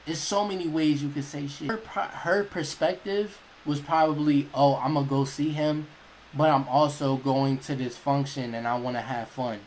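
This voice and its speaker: Animated young man telling a story. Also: a little high, normal speed, a little hiss or hum, low-quality recording. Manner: animated, profane, slangy, acts out quotes. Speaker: streamer. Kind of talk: casual storytelling.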